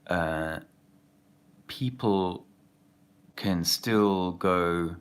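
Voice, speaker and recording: Very deep, gravelly man rambling. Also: extremely slow, pauses often. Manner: rambling, loses his thread. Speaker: activist video host. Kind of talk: casual monologue.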